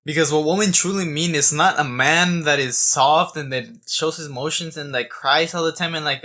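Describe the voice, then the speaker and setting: A man's voice: on the high side, normal speed, hardly any pauses, bright, forceful tone. A man in his twenties giving a blunt, profane monologue, stumbling over restarts. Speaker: self-improvement vlogger.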